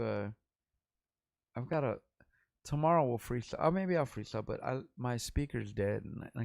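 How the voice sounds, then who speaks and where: A man's voice: lowish voice, vocal fry, darkish tone, no echo, studio quality. A man in his forties from Los Angeles, a rapper talking in a rambling, profane and candid vlog monologue.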